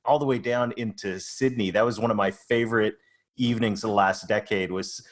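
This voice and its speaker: A man from Ontario whose accent blends a Southern US drawl with Canadian tones, talking as a podcast guest. His voice sits fairly low, and he chats in an upbeat way, doubling back on his words as he goes. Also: steady tone, brisk. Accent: mixed Southern US and Canadian. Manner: chatty and upbeat, with frequent restarts and laughs. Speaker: podcast guest, revenue growth consultant. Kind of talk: casual podcast conversation.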